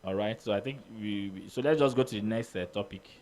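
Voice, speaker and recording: A man with a Nigerian English accent teaching choir music theory, halting with many fillers and voicing drum beats aloud. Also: fairly low pitch, darkish tone. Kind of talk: informal music theory lesson.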